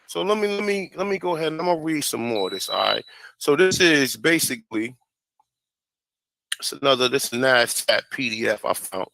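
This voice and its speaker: A man's voice: mid-range voice, expressive, brisk, gravelly, sharp tone, no room sound, low-quality recording. Profane, heated man reading aloud. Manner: profane, heated, stumbles over names while reading. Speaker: host. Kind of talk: casual commentary vlog, reading aloud.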